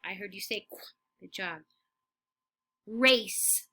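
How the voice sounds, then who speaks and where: A woman teacher leading a phonics lesson for young children, slow and encouraging, saying words for the class to repeat. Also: medium pitch, pushed and bright.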